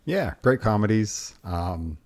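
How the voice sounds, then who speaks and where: Male podcast co-host, very deep voice, relaxed and agreeable conversational chat. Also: slow pace. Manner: easygoing, agreeable.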